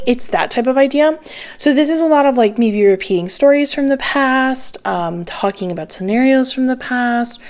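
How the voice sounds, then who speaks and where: A woman giving a tarot reading to camera in a casual, chatty way, with lots of fillers and her pitch jumping up on stressed words. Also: a little mellow. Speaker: tarot reader.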